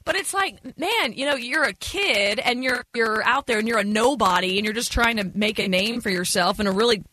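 A woman's voice: on the high side, brisk, pushed and bright, no echo. A woman co-hosting a radio show with a slight Southern accent, chatting and telling stories casually. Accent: slight Southern American. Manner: chatty, storytelling, conversational.

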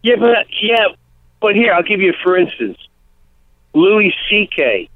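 A man, a guest comedian, chatting in a rambling way and slipping into quick impressions of people. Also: sits high, sing-song, dry recording. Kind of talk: casual interview chat. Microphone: phone line. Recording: tinny phone line.

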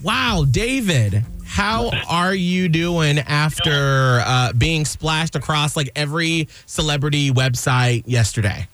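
A man's voice: on the high side, animated, slow pace, hardly any pauses, fairly bright tone, faint music behind. A man hosting a morning radio show, interviewing a caller with a playful, teasing manner. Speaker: radio host.

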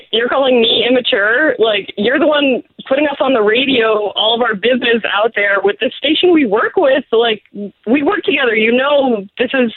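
A woman's voice: on the high side, moderate pace, husky, no room sound. A woman calling in to a radio show over the phone, embarrassed and laughing nervously. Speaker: caller. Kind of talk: phone call on air. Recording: tinny phone line.

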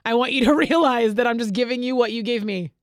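A woman's voice: on the high side, fast, dry recording, studio quality. A woman co-hosting a casual podcast, teasing her partner and laughing often. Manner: teasing, giggly. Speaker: podcast co-host. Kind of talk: casual chat.

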